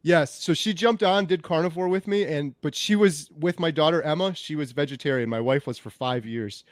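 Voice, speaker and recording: A man's voice: fairly high pitch, dry recording, clean studio sound. A man hosting an interview, talking in an upbeat, enthusiastic way in casual conversation. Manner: enthusiastic, upbeat, quick to praise. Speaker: host.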